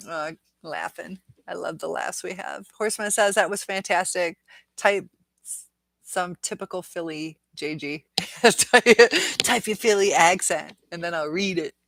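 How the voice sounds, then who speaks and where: A woman's voice: lowish voice, no room sound. A woman hosting a casual live stream, reading viewer comments aloud in a rambling, chatty way and laughing often. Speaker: livestream host reading viewer chat.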